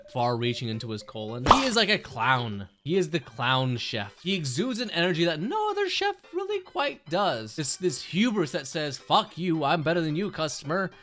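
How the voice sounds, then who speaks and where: A young man giving casual, sarcastic commentary, swearing freely and laughing as he ranks things. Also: mid-range voice. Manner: animated, profane, sarcastic, laughs often. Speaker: commentary video host.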